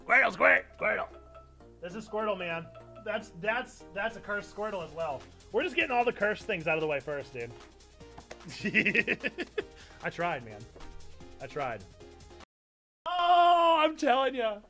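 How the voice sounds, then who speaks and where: Excitable high-voiced male streamer. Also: unhurried, pauses often, faint music behind. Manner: excitable, giggly, animated. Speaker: game streamer host. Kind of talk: casual live-stream chat.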